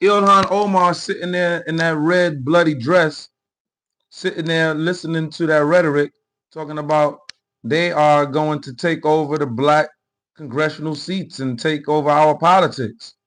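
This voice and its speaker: A livestream commentary host with a slightly high, fairly bright voice speaks at normal speed with fairly even intonation over a rough recording. His rant is heated, profane, and repetitive, and he reads viewer comments aloud.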